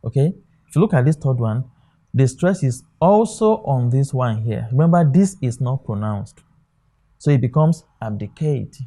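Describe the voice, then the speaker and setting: A man gives an exam lesson in a mellow, warm voice. He walks through examples on a board, stopping often to say "okay" and check that students follow. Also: mid-range voice, expressive, moderate pace. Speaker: exam tutor. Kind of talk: classroom lecture.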